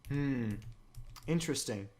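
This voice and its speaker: A man co-hosting a podcast in casual chat, excited, his voice jumping up in pitch when he gets keen. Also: a little slow. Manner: excited, with sudden upward jumps in pitch. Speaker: podcast co-host. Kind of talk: casual chat about a comic.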